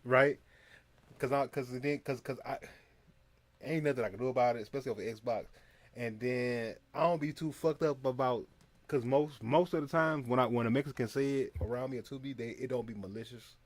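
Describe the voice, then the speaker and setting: A man's voice: medium pitch, brisk, no echo. A young man in casual conversation, talking in slang and rambling with many restarts. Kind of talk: casual chat.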